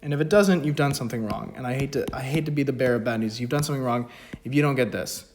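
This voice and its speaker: Talking very fast in a mid-range voice over slight background noise, an economics video tutor runs through a math problem. It's a casual spoken walkthrough, punctuated by jokes where he pokes fun at himself.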